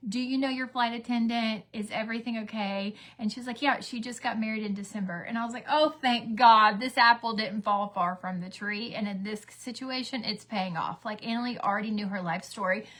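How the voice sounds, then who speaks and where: Getting ready on camera, a middle-aged woman who is a mother and beauty vlogger tells a story full of fillers. She talks a little fast with few pauses, in a bright-ish, medium-pitched voice.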